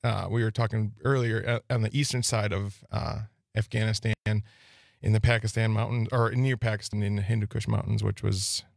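Man, 40s, from Wisconsin, radio guest, hesitant and halting, gravelly fry, dry studio sound. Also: lowish voice, level tone, no room sound. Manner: hesitant, lots of uhs and restarts. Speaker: guest, veteran who runs a nonprofit. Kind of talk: casual radio interview.

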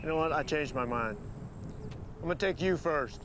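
An actor playing a calm U.S. marshal who talks in quiet, clipped threats, recorded outdoors in a TV drama. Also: male voice, a little high, moderate pace, noisy background, close to an everyday voice. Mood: cold, steady. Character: calm, steely male U.S. marshal. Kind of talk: TV drama acting. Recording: outdoor ambience behind voice.

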